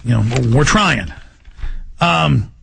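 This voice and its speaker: A male radio host ranting in an agitated, heated way, breaking into shouting bursts. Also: mid-range voice, animated, slow, vocal fry, slightly rough. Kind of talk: heated talk radio rant.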